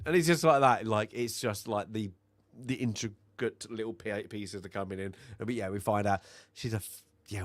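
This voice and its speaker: A man co-hosting a film review podcast, recapping scenes in a rambling way with many fillers and quick bits of mimicry. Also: on the low side, no room sound. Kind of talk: casual chat.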